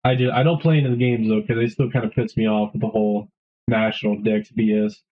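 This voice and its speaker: A man's voice: lowish voice, little pitch movement, fast, phone-quality sound. A young man streaming a game, rambling casually to his chat and swearing often.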